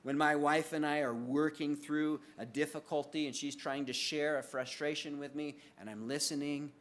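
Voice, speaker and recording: A middle-aged man delivers a sermon as a pastor, talking to the congregation more than lecturing. His voice sits slightly higher than most men's. He slips into short acted-out dialogues, his voice jumping up and dropping low between the parts. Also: moderate pace. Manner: conversational, acts out little dialogues with lively swings of voice.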